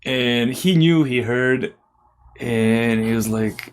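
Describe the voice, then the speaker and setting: Young man, Serbian accent, casual podcast storytelling, lively, swears sometimes. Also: mid-range voice, slow pace. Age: young adult. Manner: animated, swears and laughs while telling stories. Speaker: podcast guest, former college basketball player.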